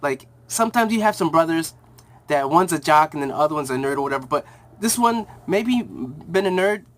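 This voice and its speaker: A young man casually recapping a TV episode, rambling with lots of slang, fillers and quick acted-out quotes. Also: on the high side, animated. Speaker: TV reviewer.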